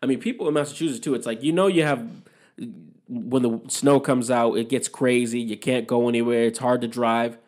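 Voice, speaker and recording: A man's voice: mid-range voice, steady tone, brisk, a little mellow. Profane rambling man. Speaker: podcast host. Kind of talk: casual solo monologue.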